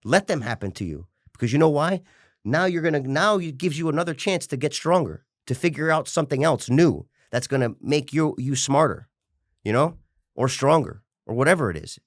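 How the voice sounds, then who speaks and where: A man's voice: a little high, lively intonation, fairly quick, no echo, studio quality. A man in his forties, a fitness coach, telling his story as an interview guest in a passionate, rambling way, with restarts and swearing. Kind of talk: candid personal storytelling.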